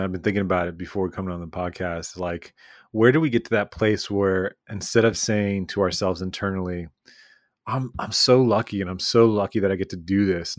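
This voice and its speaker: A man chats as a podcast guest in a low voice. He is animated and emphatic and restarts phrases in quick bursts. The sound is dry and close. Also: dry recording. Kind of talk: casual chat.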